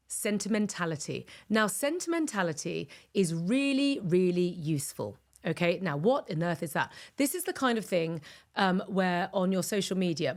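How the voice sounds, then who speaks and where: A middle-aged woman hosting a podcast, chatting effusively with rambling asides. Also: medium pitch. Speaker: podcast host. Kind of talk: casual podcast monologue.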